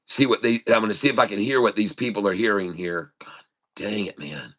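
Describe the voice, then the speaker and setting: A man's voice: on the low side, a bit bright. A middle-aged man hosting a casual live stream from home, chatting and muttering to himself while he fixes his audio, with a slight lisping sound on his voice. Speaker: day-trading livestream host.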